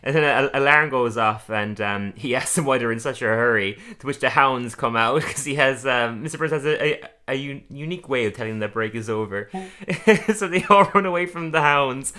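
A man with a bright, clear voice co-hosts a casual podcast. He retells scenes from a cartoon episode, laughing often as he goes. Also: mid-range voice, a little fast. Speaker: podcast co-host.

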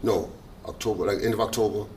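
A man, a guest in a casual interview, telling a story in an animated way and acting out the voices of other people. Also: fast talker, a little hiss or hum. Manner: animated storyteller, acts out quoted voices with big pitch jumps. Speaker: guest, former basketball player.

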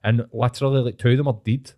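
A Scottish man in his late thirties with a Glaswegian accent tells frank, swear-filled stories in a casual podcast chat. His mid-range voice is mellow and steady, and he talks fast.

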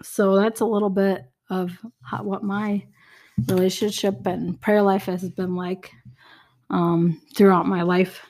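Chatty young woman on a faith podcast, gets animated and acts out little conversations. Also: medium pitch, takes it slowly. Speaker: podcast co-host. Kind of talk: casual faith chat.

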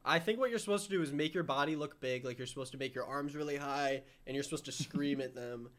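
Young man, slightly high voice, rambling casual chatter with laughter. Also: fast. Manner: rambling, laughing, acts out yelling at animals. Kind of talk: casual chat among friends.

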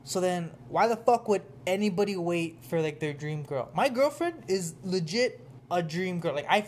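A young man in casual chat, telling animated stories and swearing freely. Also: high-pitched, normal speed, a little hiss or hum. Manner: animated storytelling, heavy swearing.

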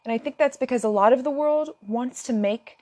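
A woman's voice: sits high, brisk, warm tone, no echo. Woman vlogger, earnest and impassioned, dry close-miked sound. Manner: earnest, impassioned, sometimes near tears. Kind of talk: emotional direct-to-camera talk.

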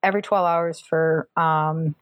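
A woman casually telling a personal story, animated and acting out the voices of the people in it. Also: measured pace, no echo. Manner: animated, acts out quoted voices with pitch jumps.

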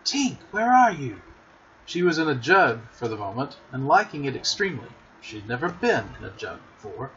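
A man narrating a storybook aloud with expressive, dramatic storytelling, on a muffled lo-fi recording. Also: mid-range voice, a little fast, hardly any pauses, a little hiss or hum.

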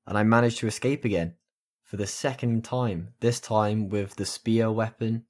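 Very low-voiced blunt man. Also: steady tone, normal speed, darkish tone. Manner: blunt, sweary. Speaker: podcast co-host. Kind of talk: casual chat.

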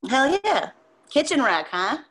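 A woman guest on a podcast, a musician, chatting casually in a loose, animated way with a lot of swearing. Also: high voice, a little slow. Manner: loose, profane, animated storytelling. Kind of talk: casual interview chat.

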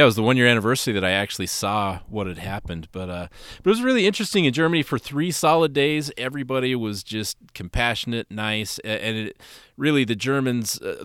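A man spins a story for his podcast co-host, easygoing and full of little asides. His voice is smooth and clear. The sound is dry and close, with no room around it. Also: fairly low pitch, no echo. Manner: relaxed, rambling anecdotes with fillers. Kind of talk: casual storytelling chat.

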